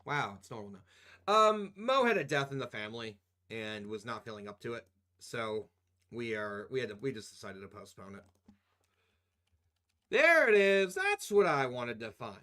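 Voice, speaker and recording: A man's voice: mid-range voice, animated, moderate pace, sharp tone. A young man live-streaming as he edits video, chatting casually with his viewers in a rambling, profane, joking way and often laughing.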